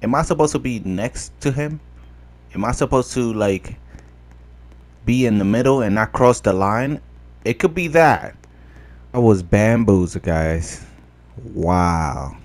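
A young man giving casual gameplay commentary, excitable, laughing often and yelping in disbelief. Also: lowish voice, unhurried, pauses often. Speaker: gameplay video host.

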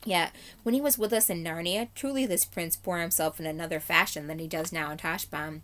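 A woman's voice: lowish voice, a little fast, fairly bright tone, slight background noise, close to an everyday voice. A woman reading aloud and voicing a young queen who speaks formally to her brother. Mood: earnest. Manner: formal old-fashioned speech. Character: young queen, gentle but firm.

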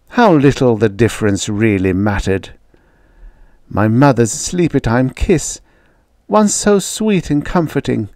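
Man, audiobook narrator, slow, dramatic, musing, expressive pitch, dry close recording. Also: no room sound. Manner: slow, dramatic, musing first-person delivery. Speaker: audiobook reader.

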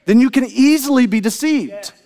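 Male pastor, high voice, chatty sermon full of rhetorical asides, long hall reverb. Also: brisk, mellow. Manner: conversational, rhetorical questions and asides to the congregation. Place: church sanctuary.

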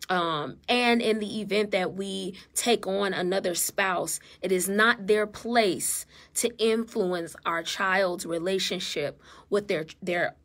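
A woman's voice: lowish voice, fairly bright tone. A married mother and therapist, talking earnestly and with feeling in a casual live stream from her phone. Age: adult, married mother. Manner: earnest, heartfelt, emotional. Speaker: therapist and vlogger.

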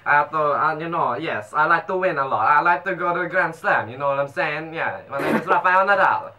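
A man putting on a halting impression of a boastful adult male Spanish tennis star, full of fillers. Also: a little high, animated, far from the mic, noisy background, lightly acted.

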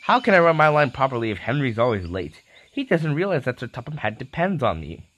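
A bossy young tank engine from a storybook, impatient and quick to scold, as a man puts him on. He sounds cross and pushy, and his pitch swings around a lot. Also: sing-song, fairly bright tone.

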